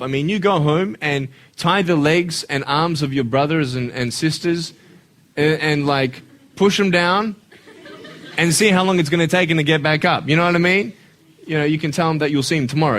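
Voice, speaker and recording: A man giving a motivational speech to a live audience. He swings between hushed and loud and keeps asking rhetorical questions. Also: on the high side, fairly quick. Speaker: motivational speaker.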